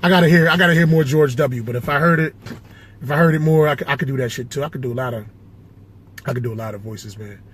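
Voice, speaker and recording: A man's voice: mid-range voice, fast talker, slight background noise. A man chatting loosely and swearing as he tries out impressions, talking to himself inside a car. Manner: rambling, self-talking, swears often. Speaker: amateur impressionist. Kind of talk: casual impressions vlog.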